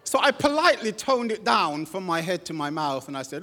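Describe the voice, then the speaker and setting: A man preaching a sermon as a pastor, telling stories with lively acted-out quotes. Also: sits high, a little fast, hardly any pauses, big-room sound. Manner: animated storytelling with acted-out quotes. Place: church.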